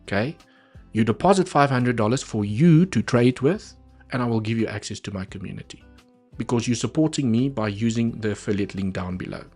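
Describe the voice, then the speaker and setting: A man's voice: mid-range voice, brisk, darkish tone, husky, faint music behind. A man talking casually through trading charts on a live stream, chatty and repeating points for emphasis.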